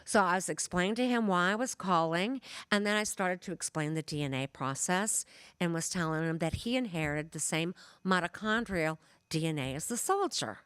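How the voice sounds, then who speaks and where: A woman's voice: fairly low pitch, expressive, normal speed, a bit bright, clear, resonant tone, no echo, studio quality. A woman from Michigan with a Midwestern accent, giving a chatty, storytelling lecture as a genealogist. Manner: chatty, storytelling, with many fillers. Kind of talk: conversational lecture.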